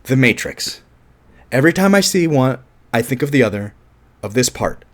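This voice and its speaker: A man's voice: medium pitch, big pitch swings, normal speed. Man rambling through a casual film review. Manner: rambling, thinking aloud, restarts sentences.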